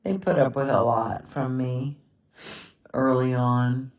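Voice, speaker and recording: A middle-aged woman, a widow, talking slowly and haltingly about her grief in a quiet house at night, often breaking into tears. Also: very deep voice, fairly even intonation, echoey room, recorded from a distance, lo-fi sound. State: tearful. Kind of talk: personal confessional vlog.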